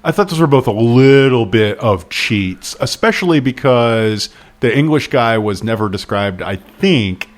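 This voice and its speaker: A man's voice: medium pitch, expressive, a little slow, few pauses. A man co-hosting a casual book podcast, wry and self-deprecating as he picks apart a mystery novel. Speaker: podcast co-host.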